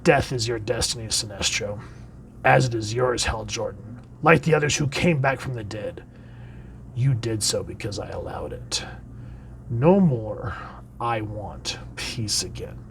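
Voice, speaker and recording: A man voicing a menacing male death entity, speaking in a low, hushed whisper. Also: normal speed, creaky.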